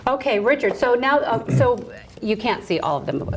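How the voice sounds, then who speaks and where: A woman's voice: on the high side, big pitch swings, normal speed. A woman hosting an interview show, talking in a chatty, gushing, enthusiastic way. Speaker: show host. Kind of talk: casual interview chat.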